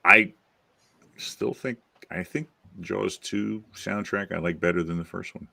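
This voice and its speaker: A man hosting a casual movie chat, enthusiastic and quick to laugh. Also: sits low, gravelly, bright, forceful tone, no room sound. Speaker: podcast host.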